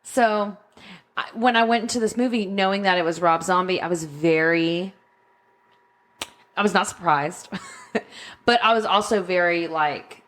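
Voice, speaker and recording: A woman's voice: fairly low pitch, unhurried, long pauses, a bit bright. A woman co-hosting a podcast, talking casually with lots of ums and likes. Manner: chatty, frequent ums and likes. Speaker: podcast co-host. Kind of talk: casual chat.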